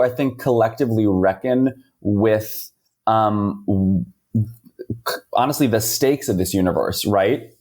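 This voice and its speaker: Man, podcast guest, mid-pitched voice, earnest, casual, lots of fillers. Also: darkish tone. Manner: enthusiastic, filler-heavy, earnest. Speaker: guest, musical writer. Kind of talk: casual interview chat.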